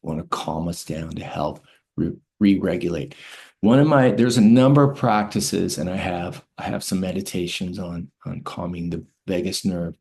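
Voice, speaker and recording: A man with a very low, gravelly voice teaches in an easy lecture manner. He checks in with listeners often and drops to a soft, slow hush when he leads breathing. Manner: gentle, often checks in with "right?"; slows and softens to a hush while guiding breaths. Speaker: author and health teacher. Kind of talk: spoken lecture with guided breathing.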